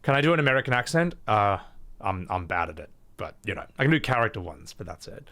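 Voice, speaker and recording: A man's voice: lowish voice, big pitch swings, fast, fairly bright tone. Playful man streaming. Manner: playful, laughs often, swears. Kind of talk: casual reaction commentary.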